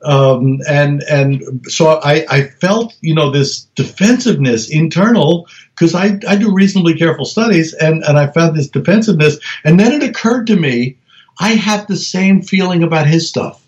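A man speaking in a relaxed, halting way and often starting his sentences over as he tells stories in an interview. His voice sits a little higher than most men's. The recording sounds dull and lo-fi. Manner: halting, with frequent restarts and acted-out quotes. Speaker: researcher and guest. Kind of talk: casual conversational storytelling.

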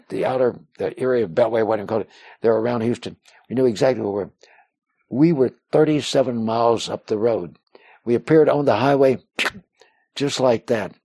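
A man with a mellow, warm voice tells a personal story in an interview, circling back with restarts and "uh"s. He slips into the voices of other people as he quotes them. The sound is close and dry, with no room around it. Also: medium pitch, gravelly, no echo. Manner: rambling, with frequent restarts and "uh" fillers. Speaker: interview guest.

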